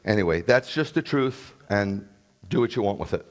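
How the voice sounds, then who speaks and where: A man's voice: lowish voice, animated, normal speed. Blunt, combative man preaching a sermon. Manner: blunt, combative, sarcastic asides. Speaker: rabbi.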